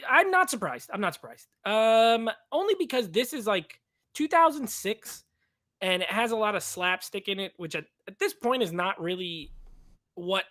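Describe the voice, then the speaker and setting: A man co-hosting a casual movie review chat over a video call rambles and fills his speech with "like." His voice is high, bright, and forceful, with clean studio sound and no room sound.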